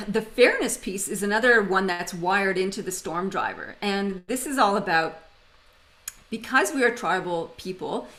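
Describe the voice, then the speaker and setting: A Canadian woman facilitates a webinar, speaking conversationally and telling personal stories with humor over a video call microphone. Her voice is mid-range and a bit bright, and the audio quality is poor.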